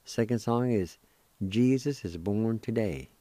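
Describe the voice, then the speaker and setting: A male radio host giving a vocabulary lesson, spelling and repeating each word deliberately. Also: lowish voice, warm tone, no echo. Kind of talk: slow spoken language lesson.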